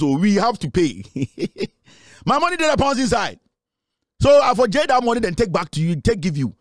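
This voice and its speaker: Brief: middle-aged Ghanaian man, high voice, mocking online rant, dry close mic. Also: no room sound. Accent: Ghanaian English. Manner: mocking, taunting, switches into Twi. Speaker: online commentator. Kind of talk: ranting commentary.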